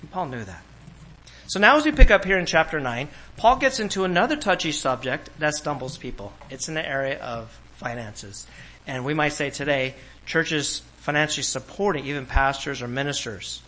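Pastor from California, bright, forceful voice, animated storyteller. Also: male voice, a little high, normal speed, low-quality recording. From Orange County, California. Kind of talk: sermon.

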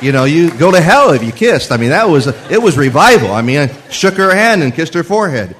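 Older guy preaching in church, animated storytelling, voice jumps all over. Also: fairly high pitch, a little fast, slight background noise. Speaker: pastor. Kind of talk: sermon with personal testimony.

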